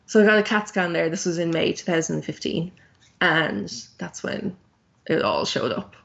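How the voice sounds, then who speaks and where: A woman's voice: on the low side, normal speed, gravelly, a bit bright, lo-fi sound. A woman in her thirties, a podcast guest telling her own story in a candid, plain-spoken way with frequent ums.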